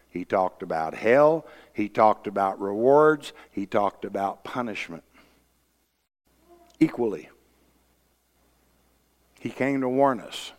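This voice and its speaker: Folksy preacher man in a reverberant hall. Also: mid-range voice. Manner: folksy storyteller, blunt, rising to loud emphasis. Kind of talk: sermon with personal testimony. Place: church sanctuary.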